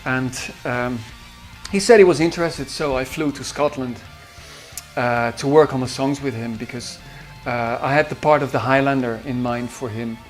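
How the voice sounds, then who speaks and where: A man with a Dutch accent, a musician recalling studio sessions in a halting way with many fillers. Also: mid-range voice, steady tone, soft background music. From Netherlands. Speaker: musician and producer. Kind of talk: behind-the-scenes recollection.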